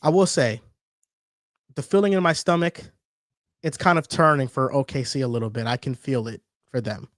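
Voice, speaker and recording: A man hosting a casual sports debate show, talking in an animated, teasing, emphatic way. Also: mid-range voice, normal speed, no echo, studio quality. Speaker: sports talk show host.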